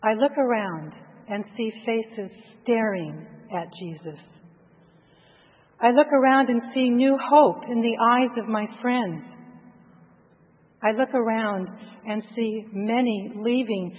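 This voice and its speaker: A woman narrating a first-person guided meditation in a slow, reflective, hushed way. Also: on the high side, breathy edge. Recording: tinny phone-like sound with long reverb.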